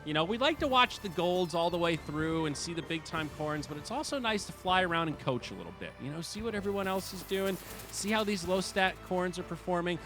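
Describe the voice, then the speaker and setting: A man hosting a game stream, chatting casually and excitably, swearing and laughing at his losses. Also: sits high, brisk, soft background music. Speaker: stream host and commentator.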